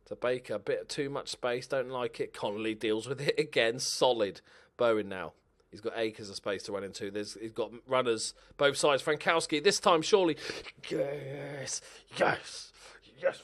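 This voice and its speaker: A man giving casual, excitable commentary over a game, talking to himself and swearing. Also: mid-range voice.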